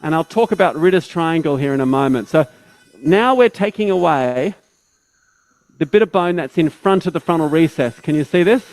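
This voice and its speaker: A man's voice: fairly high pitch, lively intonation, moderate pace, darkish tone, low-quality recording. A man, a surgeon, giving step-by-step teaching commentary during a live operation, often checking in with tag questions.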